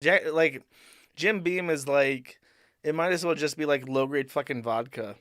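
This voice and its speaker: Streamer host, male, somewhat high voice, foul-mouthed and indignant, dry close sound. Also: measured pace, fairly bright tone, no echo. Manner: profane, incredulous and indignant. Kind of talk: casual commentary stream.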